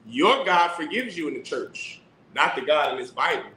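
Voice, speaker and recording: A man's voice: a little high, very animated, normal speed, bright, forceful tone, roomy sound, a little hiss or hum, low-quality recording. A man teaching scripture in a sermon style, preaching emphatically with rhetorical questions and reading verses aloud. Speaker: teacher of a religious class.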